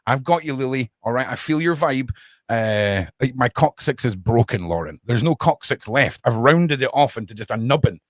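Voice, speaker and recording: A man's voice: mid-range voice, lively intonation, normal speed, no echo, clean studio sound. A man hosting a casual livestream podcast from his home desk, rambling and chatting with viewers by name.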